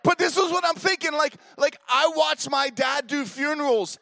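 Male speaker in his 40s, dry close sound, high voice, animated storyteller who acts out the voices. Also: normal speed, creaky, few pauses, no echo. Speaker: speaker at a youth leader event. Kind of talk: storytelling talk to a live audience.

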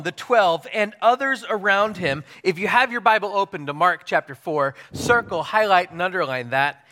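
A preacher telling a Bible story with animated storytelling and reading scripture aloud. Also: male voice, high voice, moderate pace, hardly any pauses. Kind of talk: sermon.

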